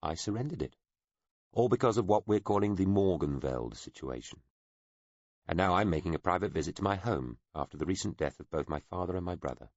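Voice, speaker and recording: A man's voice: deep voice, lively intonation, brisk, darkish tone, dry recording, muffled recording. A man doing a wry, guarded woman agent. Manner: dry, terse, wry. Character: cool guarded female special agent.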